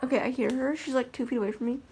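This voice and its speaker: A woman's voice: high-pitched, fairly even intonation, rapid-fire, a little mellow, a little hiss or hum. A woman talking in a casual vlog about life with her guide dog, chatty and rambling with lots of fillers and restarts.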